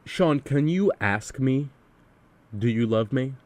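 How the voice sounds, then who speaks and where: A man's voice: mid-range voice, lively intonation, takes it slowly, darkish tone. A man hosting a podcast, chatting casually about music in an earnest way and asking leading questions. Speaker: podcast host.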